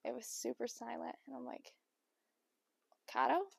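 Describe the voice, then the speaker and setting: Young woman, podcast host, high bright voice, casual animated storytelling, dry close sound. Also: moderate pace, no room sound. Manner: animated, acts out quoted people with changed voices.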